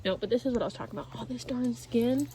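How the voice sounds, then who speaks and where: Speaking quickly, a woman dog trainer runs through a session in an outdoor yard. Her casual explanations are broken up by sharp, high commands to the dog.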